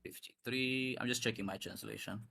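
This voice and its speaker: A man's voice: medium pitch, fairly even intonation, moderate pace, vocal fry, bright, forceful tone, husky. Man insisting on proof in a debate. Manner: insistent, demands proof, reads verses aloud. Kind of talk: heated religious debate.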